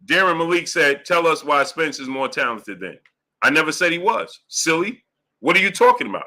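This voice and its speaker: Heated, bright-voiced man ranting on a live stream. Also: fairly high pitch, big pitch swings, moderate pace. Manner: emphatic, argumentative, rhetorical questions. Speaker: boxing show host reading super chats.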